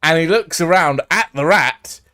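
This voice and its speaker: A man running a tabletop game as game master, narrating slowly with many fillers and pauses. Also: fairly high pitch, bright, forceful tone. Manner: slow, halting with many fillers.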